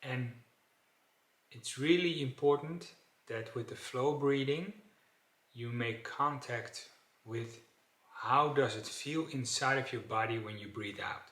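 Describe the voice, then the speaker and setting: Slow-talking man teaching breathing, echoey room. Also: medium pitch, fairly bright tone. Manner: slow, repetitive, with frequent "okay" and restarts. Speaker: breathing instructor. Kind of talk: instructional talk to camera.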